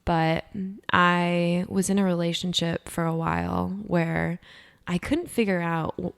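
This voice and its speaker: A young woman co-hosting a podcast chats casually in a low, gravelly voice that stays steady and a little slow. She speaks candidly and emphatically, swearing freely along the way.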